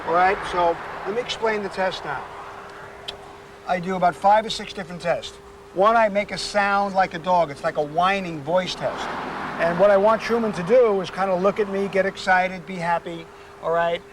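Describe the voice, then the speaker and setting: A man working as a dog trainer, explaining a temperament test to a couple in a casual, talkative way. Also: noisy background. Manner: chatty, explanatory, goes high and sing-song coaxing the dog. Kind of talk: on-location dog training demo.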